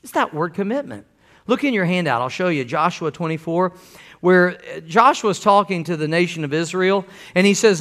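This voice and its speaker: A man's voice: high voice, lively intonation, normal speed, a bit bright. A man preaching a sermon to his church in a folksy, emphatic way, repeating phrases for stress. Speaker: pastor. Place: church sanctuary.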